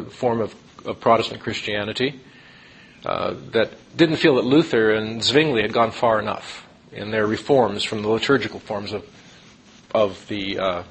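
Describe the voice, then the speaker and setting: A man giving a storytelling lecture, animated, with restarts and asides. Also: fairly low pitch, husky, low-quality recording.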